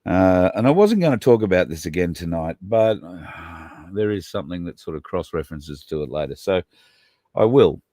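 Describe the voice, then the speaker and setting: A man's voice: deep voice, lively intonation, moderate pace, warm tone, no echo, clean studio sound. A man hosting a livestream, talking casually and rambling, addressing viewers by name. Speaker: podcast host.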